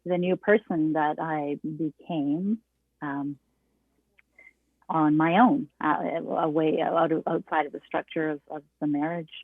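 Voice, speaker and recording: Older woman, low voice, tinny phone-line sound. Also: fairly even intonation, unhurried, no room sound. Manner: rambling, many restarts and laughs, reflective. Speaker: guest songwriter and author. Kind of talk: casual interview chat.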